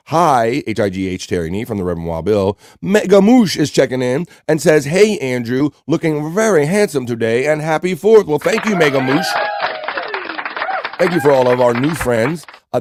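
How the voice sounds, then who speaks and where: A man's voice: mid-range voice, a little mellow. A man hosting a casual live-stream show, reading out viewer comments and greeting them by name. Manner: reads out chat messages and greets viewers by name.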